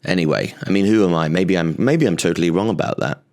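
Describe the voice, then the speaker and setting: A man with a low, gravelly voice rants as a comedian host, sarcastic and exasperated. He keeps tripping over his own restarts, and his pitch jumps when he mocks others. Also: fast talker, a little mellow. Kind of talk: comic rant monologue.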